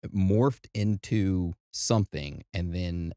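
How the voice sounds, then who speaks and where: Deep-voiced, laid-back podcast co-host man. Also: takes it slowly, dark tone, dry recording, studio quality. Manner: laid-back, conversational, leads the segments. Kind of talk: casual chat.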